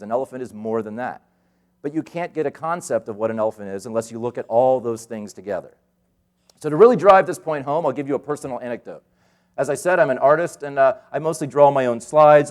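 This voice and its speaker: Keynote speaker, middle-aged man, animated storyteller, mid-pitched. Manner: animated, acts out quoted voices. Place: conference hall stage.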